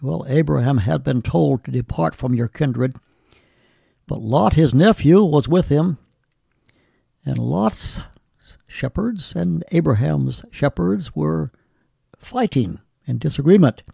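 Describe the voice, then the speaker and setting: A man delivers a sermon in an unhurried, measured cadence, leaning on old-style scripture phrasing. His voice is gravelly and dark, yet sits slightly high for a man. The sound is close and dry. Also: expressive, no room sound. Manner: slow, deliberate delivery with scripture quoted in old English. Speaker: preacher.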